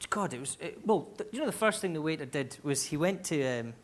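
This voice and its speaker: A Scottish man doing stand-up comedy on a large theatre stage, rambling and animated with asides. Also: fairly high pitch, fairly quick. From Scotland. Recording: live theatre recording, loud ambience.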